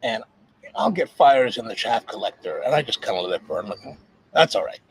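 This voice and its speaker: A man's voice: fairly low pitch, big pitch swings, a little fast, slight background noise, poor audio. A man hosting a casual chat, a coffee shop owner, reacting and asking questions. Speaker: podcast host.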